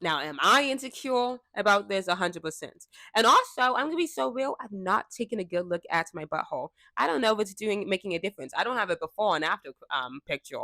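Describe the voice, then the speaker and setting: A woman's voice: medium pitch, animated, quick pace, few pauses, bright, forceful tone, dry recording, studio quality. Frank, chatty young woman vlogger. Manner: frank, chatty, laughs often. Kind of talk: casual talk to camera. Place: indoors, seated before a fixed camera. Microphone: camera mic.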